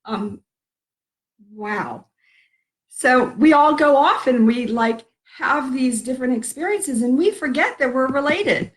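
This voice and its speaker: A woman's voice: high-pitched, lively intonation, takes it slowly, low-quality recording. A middle-aged woman hosting a casual spiritual live stream, rambling and laughing at herself as she talks about love and connection.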